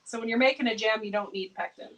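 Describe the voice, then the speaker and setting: A woman's voice: on the high side, fast, a bit bright, low-quality recording. A woman chatting casually on a cooking livestream, laughing and reacting to viewer comments. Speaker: home canning livestream host.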